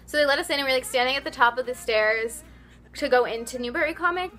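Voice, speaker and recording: A young woman vlogger telling an excited, rambling story, full of "like" and restarts, her voice a little worn after a concert. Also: high-pitched, fast talker. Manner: rambly, flustered, lots of "like".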